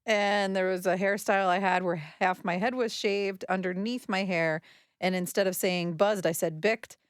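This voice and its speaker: A woman's voice: mid-range voice, fairly even intonation, normal speed, clean tone, dry recording, studio quality. A woman co-hosting a radio show, teasing her partner and laughing easily in casual banter. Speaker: radio co-host.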